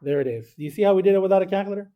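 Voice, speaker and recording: A man's voice: high-pitched, racing, smooth, highs cut off. A man teaching a math class, talking through arithmetic step by step and checking in with students. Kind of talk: classroom lesson.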